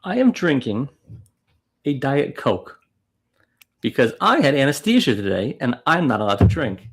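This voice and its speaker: A man co-hosting a comedy podcast, cracking dry, deadpan jokes. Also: medium pitch, moderate pace, slight background noise. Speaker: podcast co-host.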